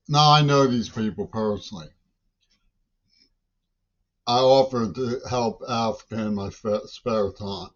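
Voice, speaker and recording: A man's voice: lowish voice, a little slow, long pauses. An older man delivering a long, agitated, rambling monologue, often breaking off words and restarting. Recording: dull lo-fi recording.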